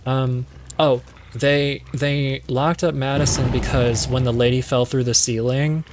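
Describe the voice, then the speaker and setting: A man's voice: medium pitch, steady tone, measured pace, background noise. Rambling young male streamer swearing casually. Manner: rambling, swearing, distracted by game. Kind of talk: casual movie recap while gaming.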